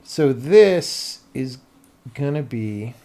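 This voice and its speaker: Man, livestream commentary, slow unhurried talk, mid-pitched voice, muttered asides. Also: expressive, warm tone. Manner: slow, thinking aloud, mumbling asides. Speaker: game developer streamer. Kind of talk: casual livestream commentary while working.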